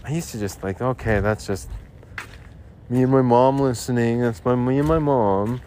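A man hosts a casual podcast, speaking at normal speed in a mellow, mid-range voice, with a little hiss or hum in the audio. He's loose and profane, rambling through a funny story and laughing at his own tales.

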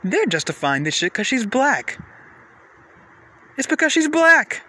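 A man hosting a podcast, ranting casually in a profane, repetitive way, with sudden jumps in pitch. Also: very animated, a little slow, long pauses, bright, forceful tone. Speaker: podcast host. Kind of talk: casual rant.

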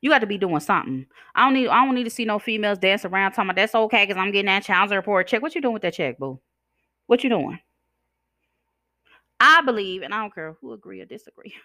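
Chewing gum and slurring her words slightly, a woman hosting a podcast delivers a blunt, sassy, preachy ranting monologue. Her mid-range voice is very animated, fast, and sharp-toned. The studio recording is clean, with no room sound.

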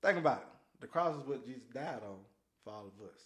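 A fast-talking man with a mid-range voice co-hosts a casual faith podcast. Telling Bible stories, he acts out the voices and shouts with lots of energy.

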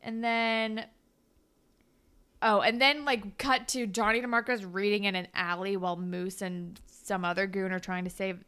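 A woman's voice: medium pitch, fairly even intonation, measured pace, sharp tone, clear, resonant tone. A young woman in casual chat, animatedly recapping a TV episode and acting out characters' lines. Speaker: podcast co-host recapping a show.

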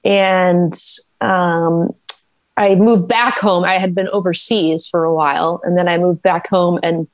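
A woman's voice: fairly low pitch, fairly even intonation, a little slow. A woman with a Wisconsin accent, a podcast guest talking in an easygoing, chatty way and laughing often. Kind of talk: casual chat.

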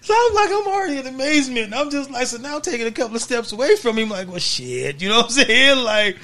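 A man's voice: very high voice, big pitch swings, fast talker, sharp tone. A man from California hosting a podcast, telling stories in casual slang and laughing as he goes. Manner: laughs through stories, slangy, keeps saying "you know what I'm saying". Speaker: podcast host. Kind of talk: casual storytelling chat.

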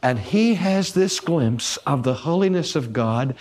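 A man delivering a theological lecture-sermon, speaking deliberately, pressing key words and putting rhetorical questions to his listeners. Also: a little high, expressive, darkish tone. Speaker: preacher and teacher.

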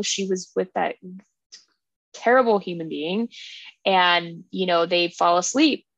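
A woman's voice: medium pitch, a bit bright, no room sound, poor audio. A woman hosting a book club podcast, casually retelling a plot in a rambling, filler-heavy way.

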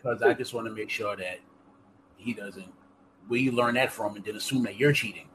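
A man's voice: lowish voice, normal speed, heavy background noise. Skeptical man, mumbled asides. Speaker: podcast co-host. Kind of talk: casual chat.

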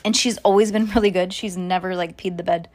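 A mother reading a children's book aloud to her daughter, animated and affectionate, breaking off for chatty asides. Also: lowish voice, a little fast.

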